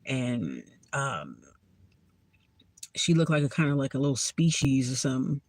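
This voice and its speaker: A woman's voice: very deep voice, sing-song, unhurried, darkish tone, no room sound. Blunt, sarcastic woman tarot vlogger. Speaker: tarot reader. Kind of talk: casual storytime vlog.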